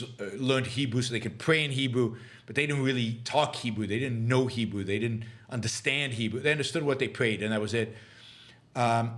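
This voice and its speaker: Man, middle-aged, livestream host, casual commentary, halting, many restarts, argumentative, medium pitch. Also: a bit bright. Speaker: podcast host answering live questions.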